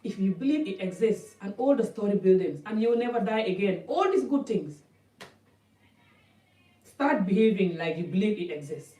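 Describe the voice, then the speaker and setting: A woman vlogger speaks passionately to camera about personal matters, in a blunt, rambling way. Her voice is mid-range and mellow with lively intonation at a moderate pace; faint music plays behind, and the room is echoey with the mic at a distance.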